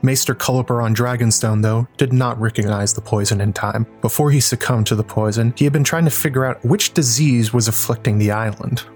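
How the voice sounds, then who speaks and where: A man narrating a lore video, explaining events in a steady, analytical way. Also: medium pitch, a little fast, hardly any pauses, soft background music. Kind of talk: scripted narration.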